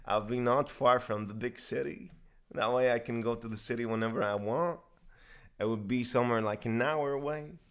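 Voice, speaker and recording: Man doing a southern accent, drawling homesteader type, mid-pitched, relaxed rambling. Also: normal speed, clear, resonant tone, close to an everyday voice. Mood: dreamy. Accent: put-on American southern.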